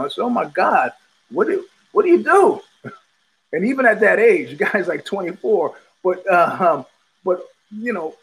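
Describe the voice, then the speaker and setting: Male host, husky and pitched high, casual meandering monologue, lots of repeats and chuckles. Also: a bit bright, low-quality recording. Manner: halting, repeats words, chuckles often. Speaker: podcast host.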